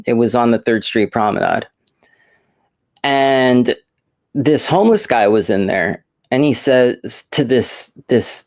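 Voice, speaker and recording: A man's voice: medium pitch, a little mellow. A man hosting a casual chat, telling a rambling story and restarting his sentences. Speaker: host.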